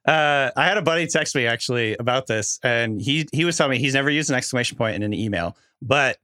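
A man co-hosting a podcast in casual chat, laughing easily and reacting quickly. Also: mid-range voice, lively intonation, sharp tone, no echo, clean studio sound. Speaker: podcast co-host.

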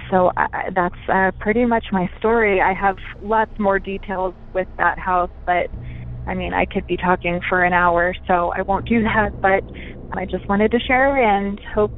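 A woman's voice: medium pitch, fairly even intonation, moderate pace. A woman calling in to tell her own paranormal story, chatty and full of fillers and restarts. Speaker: caller telling a ghost story. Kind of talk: recorded personal story. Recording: tinny phone-line recording.

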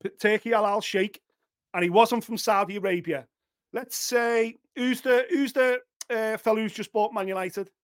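A man hosting a fight podcast, talking casually in an animated storytelling way. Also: high-pitched, normal speed, clean tone. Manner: animated, lively storytelling with mock voices. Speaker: podcast host. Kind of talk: casual chat.

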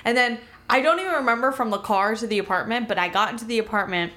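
A woman's voice: on the high side, quick pace, sharp tone. A young woman from Miami telling a story in casual chat, rambling, swearing freely and filling her talk with "like".

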